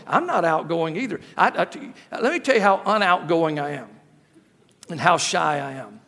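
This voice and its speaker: A man preaches a sermon in a folksy way, often restarting and repeating his words. His voice sits a little high for a man. The sound rings with the long reverb of a church hall. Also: lively intonation, normal speed, gravelly, pushed and bright. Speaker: guest pastor.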